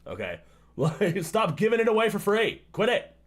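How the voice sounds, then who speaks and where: A man's voice: high-pitched, wildly swooping pitch, normal speed. A man hosting a livestream, reacting casually to a video, swearing often, laughing and ranting. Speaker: livestream host.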